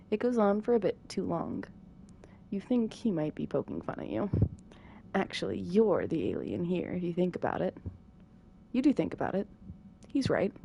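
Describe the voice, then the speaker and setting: A woman reads a visual novel aloud in a calm, unhurried bedtime manner. Her voice sits low and mellow, with a gravelly fry, and she drops in dry little asides. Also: a little hiss or hum. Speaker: narrator reading a visual novel. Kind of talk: soft bedtime narration.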